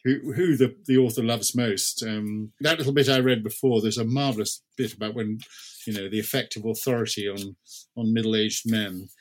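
A man's voice: lowish voice, fairly even intonation, normal speed. Hesitant man as podcast guest. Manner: hesitant, thoughtful, many fillers. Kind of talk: conversational book discussion.

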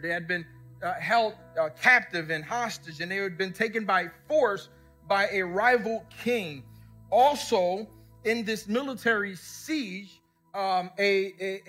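A man's voice: high voice, sharp tone. A man preaching a sermon as pastor before a congregation, telling stories and calling out questions for the people to answer. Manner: storytelling, call-and-response questions to the congregation. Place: church service before a congregation.

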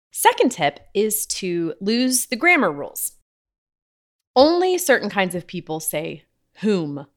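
A woman podcast host and writing coach giving casual, upbeat tips, often laughing at herself. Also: medium pitch. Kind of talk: casual teaching talk.

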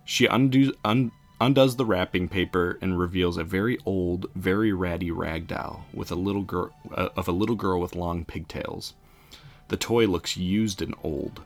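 Man, low voice, casual spooky storyteller, faint music behind. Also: moderate pace. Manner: casual, animated, laughs along.

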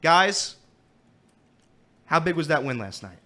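A man's voice: on the high side, takes it slowly. A man guest-hosting a casual sports talk show, telling stories with lots of laughter and complaining of a throat thing. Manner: animated storyteller, laughing often. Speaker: guest host. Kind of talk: casual sports radio chat.

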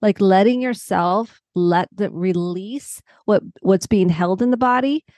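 A woman psychotherapist, a guest on a podcast, explaining her work in a lively way and acting out her clients' voices. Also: medium pitch, unhurried, no echo. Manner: animated, acts out clients' voices. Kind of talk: conversational podcast interview.

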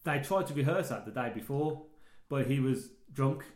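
A man's voice: mid-range voice, normal speed, darkish tone. Man, podcast host, trivia-heavy, hesitant fillers, echoey room. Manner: informative, reads out background facts with hesitant fillers. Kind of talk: casual film-discussion chat. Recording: roomy echo.

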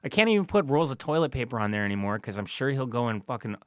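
Male podcast co-host, swears constantly while ranting through stories, mid pitch, dry booth sound. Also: sing-song, fast, dry recording. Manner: profane, ranting storyteller. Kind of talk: casual chat.

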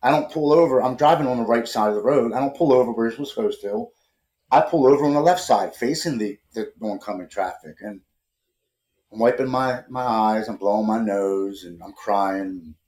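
A man's voice: lowish voice, moderate pace, darkish tone. A man in his forties, a podcast guest, telling a personal story earnestly and emotionally, often repeating words as he starts sentences. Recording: roomy echo.

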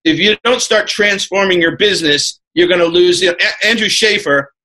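Bright-voiced rambling man on a podcast. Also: high-pitched, moderate pace, poor audio. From New York. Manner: rambling, filler-heavy, laughing asides. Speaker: podcast guest. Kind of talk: casual podcast chat.

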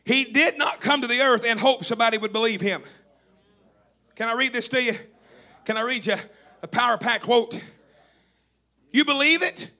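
Man, fervent preacher, very high voice, shouting, repetitive cadence, church sermon. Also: normal speed, long pauses. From East Tennessee.

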